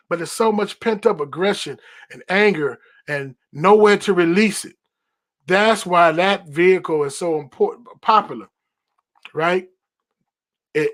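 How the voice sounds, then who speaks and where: Male podcast host with a high voice, preaching emphatically and repeating himself. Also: fairly bright tone. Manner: emphatic, repetitive, preacherly cadence. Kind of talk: preaching-style podcast monologue.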